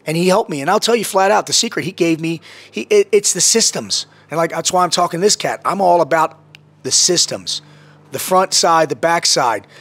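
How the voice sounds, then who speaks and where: A man as a podcast guest in casual chat, telling stories in an intense, profane, animated way. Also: on the high side, normal speed.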